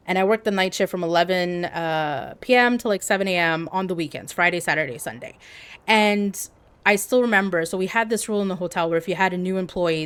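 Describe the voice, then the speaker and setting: A woman livestreamer telling stories in casual chat, animated and peppered with "like". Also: on the low side, clean tone. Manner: animated, heavy use of "like".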